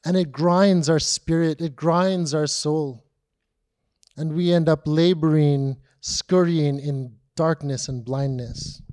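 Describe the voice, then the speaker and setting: A man preaching a sermon, retelling the story dramatically and dropping to a hush on key lines. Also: on the high side, steady tone, takes it slowly.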